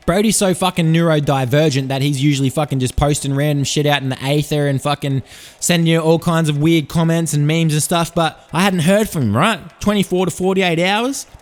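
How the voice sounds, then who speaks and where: An Australian man hosting a podcast, telling crude, profane tall tales in a rambling comic monologue. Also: on the high side. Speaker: podcast host.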